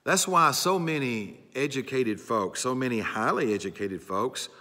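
Preacher man, earnest sermon, bright forceful voice, big church echo. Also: medium pitch, lively intonation, measured pace. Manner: earnest, repeats key phrases. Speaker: pastor. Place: church sanctuary. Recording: long church hall reverb.

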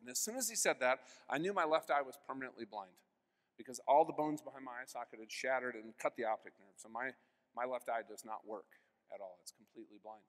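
A man's voice: mid-range voice, fairly quick. Earnest man telling his story, reverberant hall. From United States. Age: 50s. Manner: earnest storytelling with sudden swings in loudness. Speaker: keynote speaker. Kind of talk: personal faith testimony. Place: large convention hall.

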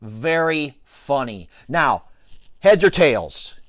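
A man voicing a loud, taunting boy bully. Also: medium pitch, very animated, unhurried, no echo. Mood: taunting bossy. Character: cocky bossy boy pitcher, a bully. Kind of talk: storybook reading.

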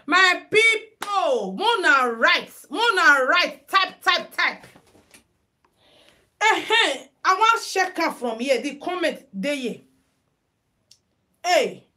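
With an extremely high, sharp voice, a Nigerian woman runs a live headwrap tutorial over a phone mic. She chats easily with viewers, calls them by name, and slips into Pidgin.

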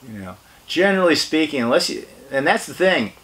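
A man's voice: a little high, big pitch swings, a little fast, fairly bright tone. A man, a guest on an interview show, chatting casually, rambling and laughing as he talks. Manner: rambling, laughing, swearing freely. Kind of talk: casual chat.

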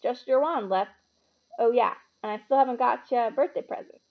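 A woman's voice: a little high, fairly quick, vocal fry, narrow, tinny audio. A woman voicing a big, kindly half-giant groundskeeper man who talks in a hearty, blunt way, read aloud from a storybook.

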